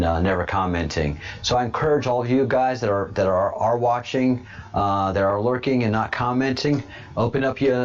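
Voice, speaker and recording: A man hosts a casual livestream and talks to his chat, slightly low in pitch. He rambles and halts, full of fillers and restarts. The audio is dull and lo-fi. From born in Texas, raised abroad and in Louisiana. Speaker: livestream host.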